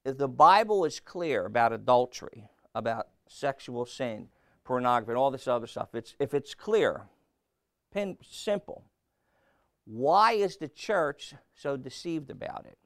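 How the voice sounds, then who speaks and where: Gravelly emphatic preacher man. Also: medium pitch, animated, unhurried, fairly bright tone, dry recording, studio quality. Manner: emphatic, rhetorical questions, repeats phrases for effect. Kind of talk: sermon.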